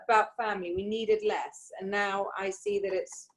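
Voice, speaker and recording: A woman's voice: mid-range voice, steady tone, normal speed. A woman co-hosting a podcast, speaking in an outspoken, emphatic way, with sarcasm at times, in casual conversation. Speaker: podcast co-host.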